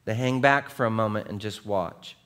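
A man's voice: on the low side, moderate pace, a bit bright, smooth. A male pastor preaching a sermon in a conversational way, often checking in with the congregation and acting out scripture scenes. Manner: conversational, checks in with "right?" and "okay?"; acts out scripture scenes with voiced quotes.

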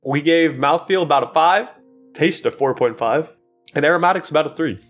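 A man co-hosting a casual podcast, talking in an animated, joking way with frequent restarts and fillers. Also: on the high side, a little fast, soft background music. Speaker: podcast co-host. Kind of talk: casual chat.

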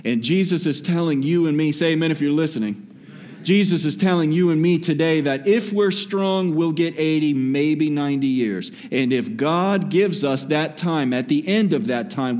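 A man preaches with a high-pitched voice that rings out in a reverberant church hall. He swings between loud, rising calls and quiet, low asides. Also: normal speed. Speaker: pastor. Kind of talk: sermon.

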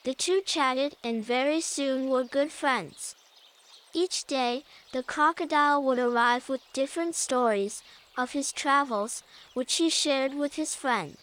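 A woman reading a children's story for a podcast, taking it slowly and gently. Her voice sits high, and every line is measured and clear for young listeners.

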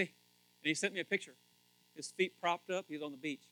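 A middle-aged man preaching with a high, bright voice that swings widely in pitch. He jokes with his listeners and bursts into loud shouts when he acts out quotes. His delivery is lively and expressive throughout. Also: quick pace, no room sound, poor audio. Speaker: pastor. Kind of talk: sermon.

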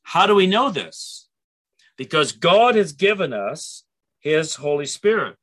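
A man's voice: a little high, sing-song, a little slow, a bit bright. A man teaching a church Bible seminar in a conversational way, with frequent restarts and asides.

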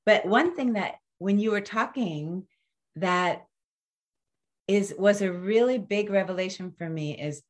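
A woman's voice: medium pitch, measured pace. Reflective woman in her fifties, chatting. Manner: reflective, animated, trails off mid-sentence. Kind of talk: casual conversation.

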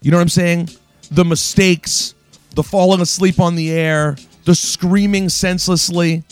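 A man's voice: high-pitched, fairly even intonation, measured pace, smooth, no room sound, faint music behind. A man hosting a sports talk radio show, delivering an emphatic, opinionated monologue straight at his listeners. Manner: emphatic, ranting, addresses listeners directly.

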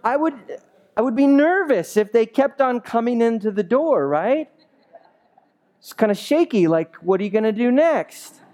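A man's voice: extremely high pitch, animated, normal speed, mellow. A man preaching a sermon as a pastor in a church, speaking conversationally and animatedly and often checking in with the congregation.

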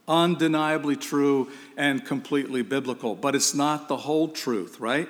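A man's voice: a little high, in a large hall. A man preaching a sermon, asking his listeners rhetorical questions and repeating phrases for emphasis.

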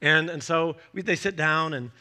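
Bright-voiced male pastor, animated storyteller. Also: on the high side, moderate pace. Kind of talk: sermon.

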